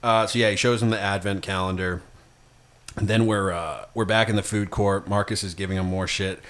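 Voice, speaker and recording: A man's voice: low voice, fairly even intonation, brisk, fairly bright tone. A young man hosting a casual chat, recapping a film scene by scene, swearing and laughing a lot. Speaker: podcast host.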